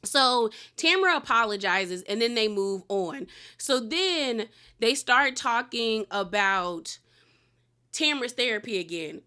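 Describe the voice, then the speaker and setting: Bright-voiced chatty woman recapping reality TV. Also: fairly high pitch. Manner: chatty, opinionated, retells scenes with quoted lines. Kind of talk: casual recap commentary.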